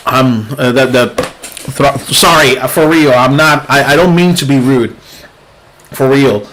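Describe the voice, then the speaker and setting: A man's voice: medium pitch, a little slow, a bit bright, a little hiss or hum. A young man hosting a gaming livestream, chatting casually with viewers, laughing often and trailing off and restarting his sentences. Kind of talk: casual live gameplay commentary.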